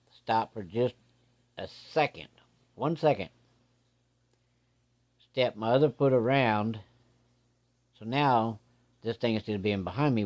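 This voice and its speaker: A man telling a first-person ghost story in a plain-spoken, folksy way, building suspense with slow, deliberate pacing. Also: fairly low pitch, darkish tone. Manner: plain-spoken, drawling, folksy rural grammar.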